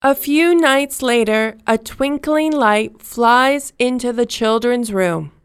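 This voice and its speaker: A woman narrating a children's storybook in simple, slow, clearly spoken sentences. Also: on the high side, no echo, studio quality.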